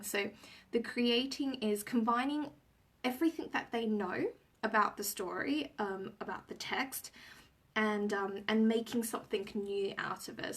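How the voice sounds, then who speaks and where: A woman's voice: medium pitch, fairly bright tone, distant mic. A woman teacher explaining reading questions to parents in a casual live stream, with many ums and restarts. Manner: rambling, frequent ums and restarts.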